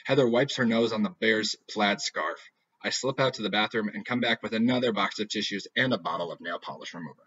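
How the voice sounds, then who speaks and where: A man narrates a novel in a dry, deadpan voice. The tone sits low but bright and husky, and the recording sounds dull and lo-fi. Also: fairly quick. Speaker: audiobook reader. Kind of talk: first-person novel narration.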